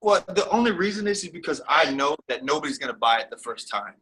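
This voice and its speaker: A man's voice: on the high side, lively intonation, quick pace, fairly bright tone, slight background noise. A man speaking as a guest in a casual interview, rambling and candid, with lots of fillers and restarts.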